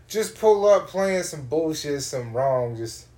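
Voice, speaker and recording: A man spins a profane, comic story. He is animated and acts out the people he runs into. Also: a little high, takes it slowly. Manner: animated, swears a lot, acts out voices.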